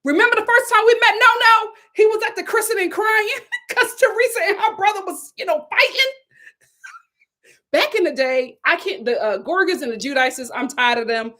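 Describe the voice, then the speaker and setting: A woman hosts a casual live recap of a reality show. Her voice sits high and swoops all over the place. She sounds incredulous and says things twice to drive a point home. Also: moderate pace. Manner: animated, incredulous, repeats herself for emphasis. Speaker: reality TV review host.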